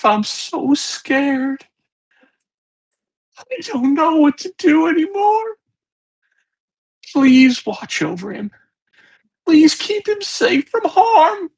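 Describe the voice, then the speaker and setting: A game master voicing a desperate, hoarse mother who sobs through a prayer for her missing son, heard on a crackling old cassette tape. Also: high-pitched, voice pushed up, exaggerated voice. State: sobbing. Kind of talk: tabletop game narration.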